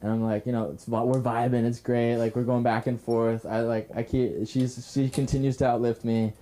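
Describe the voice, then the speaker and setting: A man's voice: mid-range voice, level tone, normal speed, warm tone. Rambling young man doing stand-up. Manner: rambling, self-deprecating, many fillers and restarts. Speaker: stand-up comedian at open mic. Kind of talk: stand-up storytelling. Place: comedy club stage.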